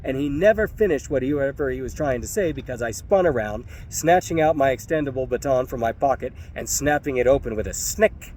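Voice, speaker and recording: Male audiobook reader for a first-person novel, mid-pitched, wry and profane, easy conversational delivery. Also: expressive, brisk, few pauses, a little mellow, slight background noise. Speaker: audiobook narrator.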